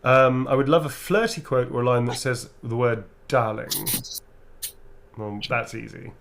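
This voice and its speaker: A man's voice: mid-range voice, fairly even intonation, measured pace, gravelly, fairly bright tone, a little hiss or hum. A middle-aged man, an actor signing autographs on a livestream, chatting casually, swearing freely and chuckling often.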